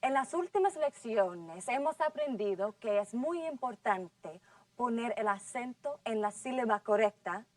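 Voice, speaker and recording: Brief: woman teacher, fairly high voice, patient drill delivery, dry sound from off-mic. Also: animated, a little mellow, no echo, far from the mic. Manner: patient, drawn-out model words. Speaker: English teacher. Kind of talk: scripted classroom lesson.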